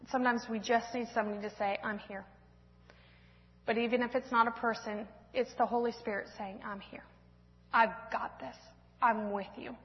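A church speaker in her thirties, high-voiced, gently and expressively reads a children's story to the congregation. The handheld or stand mic gives muffled sound that echoes long through the church hall.

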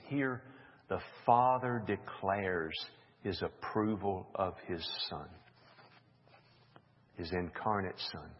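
A man leading an informal Bible study, musing aloud and reading passages with off-the-cuff asides. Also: low voice. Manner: slow, musing, reads scripture aloud with asides. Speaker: Bible teacher. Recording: dull lo-fi recording with long hall reverb.

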